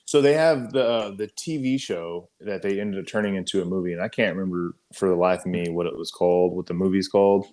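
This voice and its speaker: Rambling low-voiced male podcast host. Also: fast, few pauses, a little mellow. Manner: rambling, many fillers, says "man" a lot. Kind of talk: casual chat.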